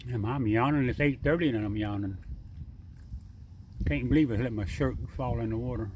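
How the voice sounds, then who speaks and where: A man's voice: mid-range voice, normal speed, darkish tone, a little hiss or hum. Folksy man coaxing a raccoon. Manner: folksy, teasing, coaxing an animal. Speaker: backyard wildlife feeder. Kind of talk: casual talk to an animal while filming. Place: outdoors at night by a water drum.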